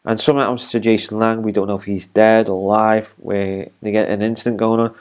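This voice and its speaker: A man's voice: lowish voice, little pitch movement, fairly quick, clean tone. A man giving an unscripted, rambling recap of a TV episode as a reviewer, with many fillers and restarts.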